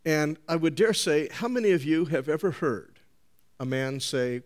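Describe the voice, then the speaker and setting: Man, preacher, sermon, emphatic, rhetorical questions, fairly high voice. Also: animated, moderate pace.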